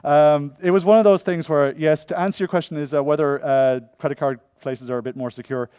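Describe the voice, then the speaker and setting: A man giving a conference talk and taking audience questions, jokey and animated, often telling funny stories and acting out the voices of the people in them. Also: fairly high pitch, brisk, clear, resonant tone, dry recording, studio quality. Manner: animated, acts out quoted voices. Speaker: conference speaker. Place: conference room before an audience.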